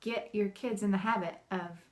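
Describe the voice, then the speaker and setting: A homeschooling mom, mid-range in voice and moderate in pace, talks casually to the camera. She is chatty and animated with lots of laughter, and she plays out the bossy and cheerful voices she uses with the kids.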